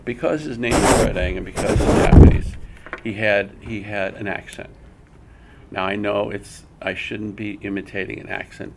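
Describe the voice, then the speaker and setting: A man's voice: on the low side, gravelly, a little hiss or hum. An older man giving a live art workshop, an emphatic storyteller who repeats words as he talks. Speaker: comic art teacher. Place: school room with audience.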